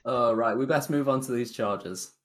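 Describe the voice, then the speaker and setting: A man's voice: mid-range voice, normal speed, a bit bright. A man hosting a sports podcast, steering the casual chat with dry humor.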